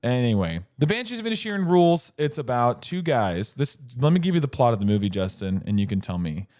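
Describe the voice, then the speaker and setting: A man's voice: on the low side, very animated, a little fast, warm tone. A man in his thirties co-hosting a casual podcast, talking enthusiastically and rambling, with many fillers and restarts. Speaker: podcast co-host. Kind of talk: casual chat.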